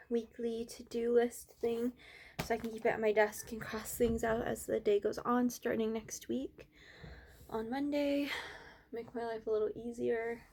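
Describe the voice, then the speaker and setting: A young woman, an art student, rambling softly in a casual vlog with many fillers, a little out of breath. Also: on the high side.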